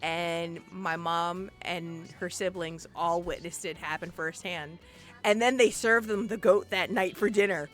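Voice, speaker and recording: Young woman streamer from puerto rico, rambly storytelling, lots of swearing, gets loud, faint game music under her. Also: lowish voice, steady tone, a little slow. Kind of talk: casual live-stream storytelling.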